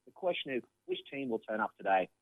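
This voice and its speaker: A man's voice: lowish voice, very animated, fast, dry recording, phone-quality sound. A man rattling off sports clichés as a mock field reporter on a comedy radio show. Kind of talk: mock sports-reporter spiel over the phone.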